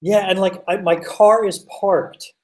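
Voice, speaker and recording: Brief: male guest, animated chatty storyteller with fillers and swearing, sits back from the mic. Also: sits high, a little slow, far from the mic, low-quality recording. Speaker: podcast guest. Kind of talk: casual storytelling.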